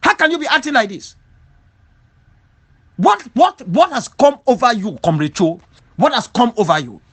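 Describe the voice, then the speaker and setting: A man's voice: very high-pitched, big pitch swings, a little fast, fairly bright tone. A man from southwest Cameroon, an independence leader giving an impassioned spoken rebuttal, emphatic and full of repeated rhetorical questions. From Cameroon, southwest region.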